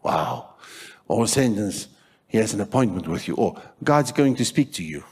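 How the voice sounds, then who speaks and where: A South African man preaching a sermon in church, telling stories with animated acted-out voices and shouting for emphasis. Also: lowish voice, moderate pace, slightly rough. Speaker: pastor.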